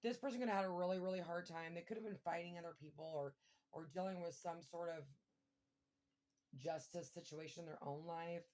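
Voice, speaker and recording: A woman giving a casual tarot reading, thinking aloud and breaking into excited exclamations and mild swearing. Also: lowish voice, brisk. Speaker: tarot reader.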